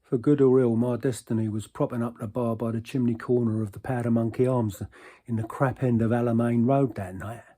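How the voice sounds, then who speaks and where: Husky ex-henchman yarning away in a radio drama, chatty, loose, all asides, a man playing him. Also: medium pitch, steady tone, fairly quick, warm tone, natural voice. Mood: wry. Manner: rambling, colloquial, winking asides to the listener. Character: aging ex-henchman, chatty barroom storyteller. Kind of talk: monologue in an audio drama.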